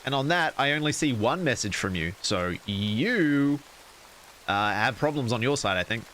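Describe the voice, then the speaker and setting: A man's voice: mid-range voice, lively intonation, moderate pace, fairly bright tone, slight background noise, poor audio. A man streaming, casually reading a horror story aloud and cracking jokes to chat. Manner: casual, wisecracking asides to chat.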